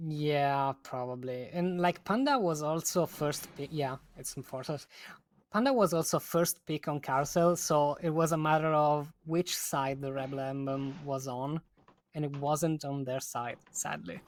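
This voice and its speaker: A woman co-casting a live esports tournament, adding relaxed, giggly analysis of plays and strategy. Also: sits low, normal speed. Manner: laid-back, giggly, analytical asides. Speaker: co-caster. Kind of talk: live esports color commentary.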